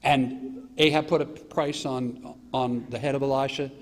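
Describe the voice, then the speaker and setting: Lively American pastor in a reverberant church. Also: male voice, mid-range voice, unhurried. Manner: animated storytelling, mocking asides and acted quotes. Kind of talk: sermon. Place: church sanctuary. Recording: live church stream with long hall reverb.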